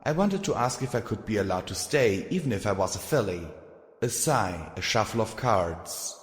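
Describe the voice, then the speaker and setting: Low-voiced man narrating an audiobook. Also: expressive, moderate pace. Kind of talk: fan fiction audiobook narration. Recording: echoey room with long reverb.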